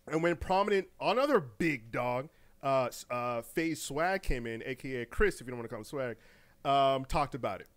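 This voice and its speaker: A man co-hosting a gaming news podcast in casual, animated chat, laughing often, repeating words and using slang. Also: medium pitch, normal speed. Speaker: podcast co-host.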